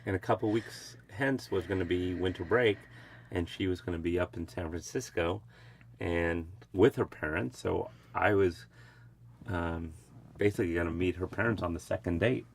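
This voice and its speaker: A man around fifty, a musician, recalling his courtship in a halting way with many fillers. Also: sits low, gravelly, slight background noise. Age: 50s. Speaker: interviewee, musician. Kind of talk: personal storytelling conversation.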